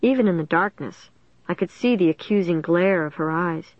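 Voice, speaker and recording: A woman reading a first-person story aloud in a plain, steady storytelling manner. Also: on the low side, normal speed, no room sound, muffled recording. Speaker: audiobook narrator.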